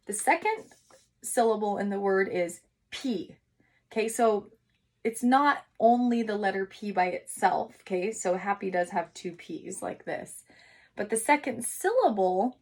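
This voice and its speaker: A woman teacher giving a recorded writing lesson to young children, speaking slowly and encouragingly and sounding out syllables. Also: medium pitch. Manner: slow, encouraging, sounding out words for kids.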